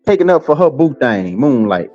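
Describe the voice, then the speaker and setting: A man's voice: mid-range voice, sing-song, normal speed, a little mellow, soft background music. A man, ranting and taunting on a live stream, swearing heavily and rambling with lots of fillers. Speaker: livestream host. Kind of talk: profane live-stream rant. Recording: slightly dull lo-fi stream audio.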